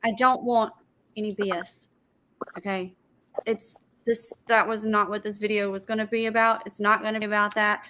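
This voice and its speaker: Bright, emphatic woman hosting a livestream. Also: mid-range voice, little pitch movement, moderate pace, slight background noise. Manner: blunt and emphatic. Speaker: livestream host. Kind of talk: casual panel livestream.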